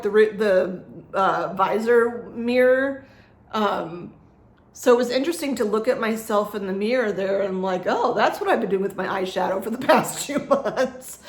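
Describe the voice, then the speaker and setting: A woman speaks in a casual home vlog, rambling and chatty with frequent laughter and fillers. Her voice sits at an ordinary middle pitch. The room around her is echoey. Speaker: vlogger.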